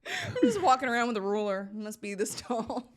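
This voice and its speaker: A woman's voice: on the high side, moderate pace, a crowd in the background. A young woman from Florida, a podcast guest, telling stories in casual chat, acting out quoted lines and laughing often. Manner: animated, acts out quoted dialogue, laughs often. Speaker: podcast guest, reality TV contestant.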